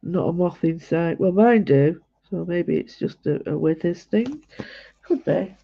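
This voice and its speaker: This woman's lowish voice is creaky and slightly rough, animated but a little slow. She's streaming a live drawing session, chatting in a homely, rambling way as she explains her work, and the audio is dull and lo-fi.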